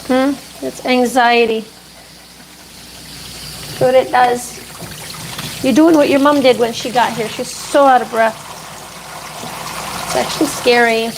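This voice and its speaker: A woman's voice: on the high side, steady tone, slow pace, creaky, long pauses, noisy background. A woman dog groomer chatting casually on a live stream, talking to the dog and her viewers while she works at the bath.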